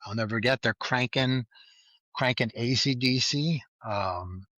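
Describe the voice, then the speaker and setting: A man's voice: medium pitch, measured pace, no room sound. A former state trooper, a man, telling his story in a casual interview, laughing often and acting out what others said. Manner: animated storyteller who laughs often and acts out quoted lines.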